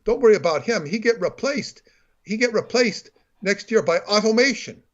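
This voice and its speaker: A man voicing an anxious man who talks in broken English and repeats himself excitedly. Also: sits high, moderate pace, dull audio, pitched above the performer's own voice. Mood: pleading.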